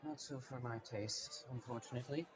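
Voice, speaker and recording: Refined smooth talker played by a man, middling pitch, affected genteel phrasing, tabletop role-play. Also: fairly quick, background noise, natural voice. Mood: smooth, coaxing.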